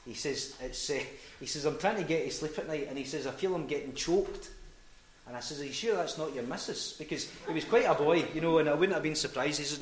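Scottish chaplain telling stories, echoey room. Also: male voice, on the high side, brisk, a little hiss or hum. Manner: animated anecdotes, quoting dialogue. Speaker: football club chaplain. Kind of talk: storytelling sermon talk.

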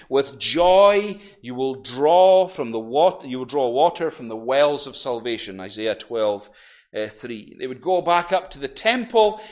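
A man preaching a sermon, telling a story vividly and building to loud, emphatic peaks. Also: medium pitch.

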